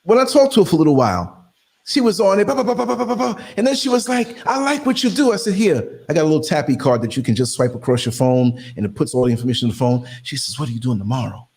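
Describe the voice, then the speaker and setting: A middle-aged man from New York City hosting a podcast, telling stories in a casual, animated way and acting out the people he quotes. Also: fairly high pitch, fast talker, vocal fry. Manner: animated storyteller, acts out quoted voices. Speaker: podcast host. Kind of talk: casual conversation.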